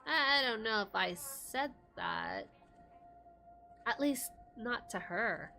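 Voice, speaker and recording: Woman reading as a gentle young woman. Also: fairly high pitch, expressive, takes it slowly, faint music behind, pitched below the performer's own voice, full character voice. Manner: gentle, reassuring.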